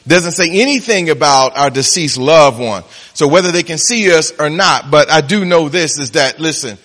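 High-voiced preacher in an echoing hall. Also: male voice. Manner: preaching with humor, rising to loud, laughing punchlines. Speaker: pastor. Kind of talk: sermon.

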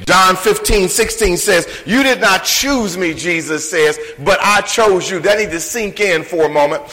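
A man preaching a sermon in church, emphatic, swinging between shouted lines and hushed ones. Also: high voice, measured pace. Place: church sanctuary. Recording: long hall reverb.

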